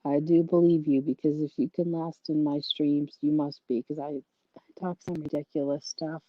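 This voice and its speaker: Worn-out lady rambling on a stream, lowish voice, dry dull lo-fi sound. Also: level tone, moderate pace, no room sound. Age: adult with a child. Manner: chatty, rambling, laughs often. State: tired, losing her voice. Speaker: guest on a livestream. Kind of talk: casual chat.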